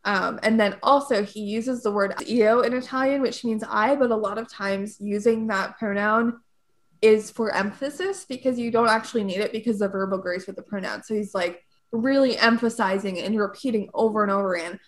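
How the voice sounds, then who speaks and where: A woman co-hosting a casual book discussion, explaining the poem with animated asides and acted-out quotes. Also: medium pitch, normal speed. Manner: animated, laughs often, acts out quotes. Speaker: podcast co-host explaining a classic poem.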